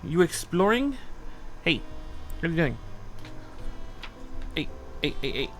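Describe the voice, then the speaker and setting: High-voiced man rambling to his cat. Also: very animated, takes it slowly, a bit bright, soft background music. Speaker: streamer. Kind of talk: casual live-stream chat. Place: home desk.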